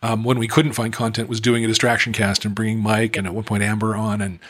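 A man's voice: on the low side, monotone, quick pace, fairly bright tone, slightly rough. A man co-hosting a podcast in casual chat, reading out figures and joking along. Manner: chatty, reads out stats, jokey. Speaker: podcast co-host.

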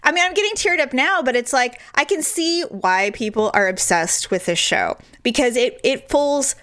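A middle-aged woman with a slightly higher voice chats casually as a podcast co-host. She tells stories with animation and leaps up in pitch whenever she quotes someone. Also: normal speed. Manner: animated storyteller, acts out quotes in a high voice. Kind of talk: casual chat.

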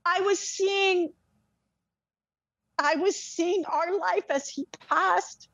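A woman's voice: very high-pitched, steady tone, extremely slow, a bit bright, dry recording, muffled recording. A woman telling an emotional personal story as a podcast guest. She speaks intensely and frankly, swears freely, and often restarts her words.

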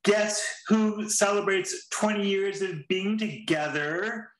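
A man's voice: high-pitched, slow pace, a bit bright, reverberant. A man co-hosting a podcast in casual chat, rambling and restarting his sentences, swearing now and then. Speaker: podcast co-host.

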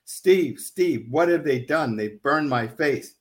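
A man's voice: fairly high pitch, animated, slow. A man reading out a frightened young wife. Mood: distraught.

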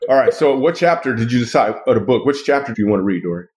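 A man's voice: medium pitch, expressive, rapid-fire, a little mellow. A man hosting a casual comedic chat, playful and rambling as he jokes with his co-hosts. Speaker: podcast host and author.

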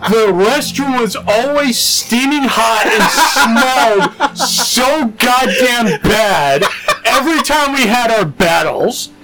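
A young man telling stories in a casual podcast chat, animated and swearing a lot. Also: extremely high pitch, slow, poor audio. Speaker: podcast co-host.

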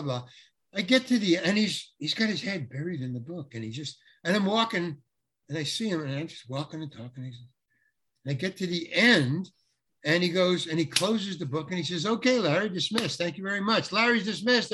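A man, an actor, telling an animated anecdote in an interview, repeating words and acting out the people he quotes. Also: sits high, breathy edge.

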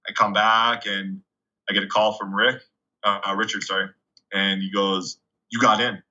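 A young man from Canada, a guest telling stories in a casual, chatty way, full of 'like' and animated retellings. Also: on the low side, unhurried. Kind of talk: casual storytelling. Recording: dull lo-fi recording.

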